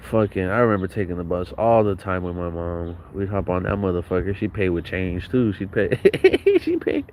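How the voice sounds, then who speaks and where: A man's voice: low voice, steady tone, a little fast, darkish tone. A young man from Southern California telling profane, slang-heavy stories from his childhood in a casual way. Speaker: vlogger. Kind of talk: casual storytelling. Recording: noisy recording.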